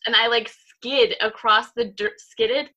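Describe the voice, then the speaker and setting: A woman's voice: a little high, steady tone, measured pace, sharp tone, lo-fi sound. A woman in her twenties co-hosting a podcast over a video call, chatting casually in an upbeat way with lots of fillers. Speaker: podcast co-host. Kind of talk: casual chat.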